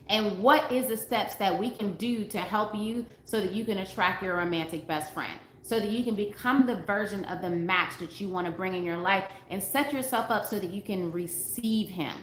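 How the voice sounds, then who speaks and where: A woman's voice: medium pitch, a bit bright. A woman dating coach talking casually to livestream viewers, earnest and emphatic, repeating her points and reading comments aloud. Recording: roomy with faint background noise.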